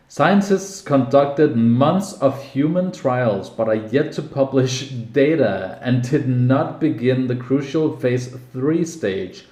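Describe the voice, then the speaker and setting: A man's voice: mid-range voice, dark tone. A man from Denmark, a native Danish speaker, giving casual news commentary with wry, sarcastic asides. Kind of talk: casual news commentary, reading articles aloud. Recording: echoey room.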